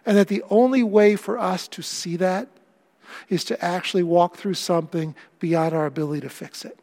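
A middle-aged man preaching a sermon as pastor, swinging between loud emphatic lines and hushed, quiet ones. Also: high-pitched, fairly even intonation, moderate pace, in a large hall.

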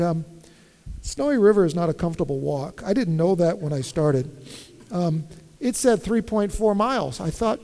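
A man with a notably high voice preaches with insistent emphasis, hammering home repeated phrases and slipping into dry humor when he tells a story. His voice rings out with a long reverb, as if filling a large hall. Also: a little mellow. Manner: wry humor in personal stories. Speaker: pastor. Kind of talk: sermon.

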